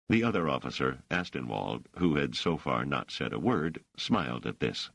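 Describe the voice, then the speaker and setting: A man reading an audiobook as narrator, in a low, measured manner. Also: lively intonation, creaky, a bit bright, breathy edge, dry recording. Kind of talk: scripted narration.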